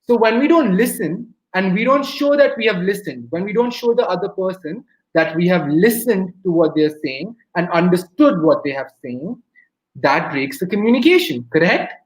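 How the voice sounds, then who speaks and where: Indian guy giving a webinar talk, super animated, acts stuff out, echoey room. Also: sits high, normal speed. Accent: Indian English. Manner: lively storyteller, acts out quotes. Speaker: webinar speaker. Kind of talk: motivational talk on communication. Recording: roomy echo.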